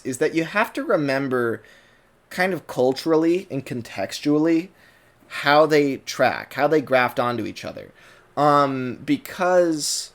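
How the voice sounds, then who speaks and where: A young man with a British accent, speaking in a slightly raised register. He talks through his ideas in a loose, rambling way, circling back as he analyses. It sounds like casual solo commentary. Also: on the high side. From Britain.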